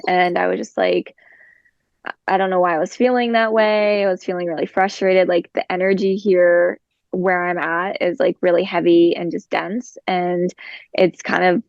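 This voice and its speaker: Gravelly-voiced woman chatting on a dull recording. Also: lowish voice, little pitch movement, moderate pace, dry recording. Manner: chatty, many fillers of "like". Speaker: guest. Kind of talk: casual storytelling in conversation.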